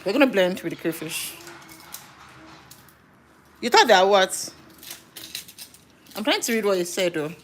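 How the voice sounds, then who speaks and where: A woman's voice: medium pitch, expressive, a little slow, pauses often, slight background noise. A middle-aged woman chatting casually while cooking live at home, thinking aloud and correcting herself as she goes. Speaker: home cook and live streamer. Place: home kitchen.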